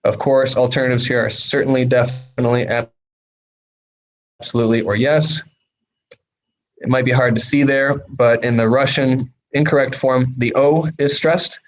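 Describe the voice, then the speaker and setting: A man explains English mistakes in a casual, plain-spoken lesson. His voice sits at an ordinary middle pitch and is direct, loose and unscripted. A faint hiss of background noise runs under the recording. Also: fairly even intonation, moderate pace, rough recording. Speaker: English teacher.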